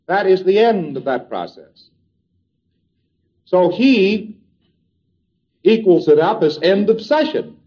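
A man giving a recorded lecture, explaining deliberately and step by step and quoting dialogue along the way, on a dull, lo-fi old tape recording. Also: high voice, big pitch swings.

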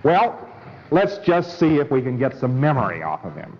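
A man's voice: mid-range voice, lively intonation, normal speed. A man lecturing in a conversational way, acting out both sides of short dialogues. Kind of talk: recorded lecture with acted dialogue. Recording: dull old lecture recording with faint hiss.

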